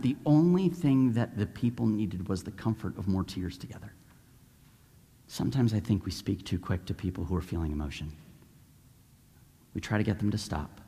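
A man preaching a sermon in an animated way, acting out the voices of the people in the story. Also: lowish voice, big-room sound. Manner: animated, acts out voices of Bible figures.

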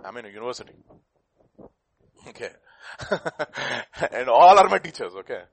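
Animated husky preacher. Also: male voice, mid-range voice, normal speed, no room sound. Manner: animated, swinging between loud and hushed. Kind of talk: sermon.

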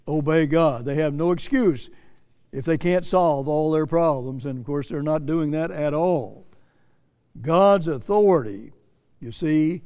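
A man's voice: fairly high pitch, warm tone, in a large hall. A man preaching a sermon as pastor, earnest and plain-spoken, repeating himself and lifting his voice when he quotes scripture.

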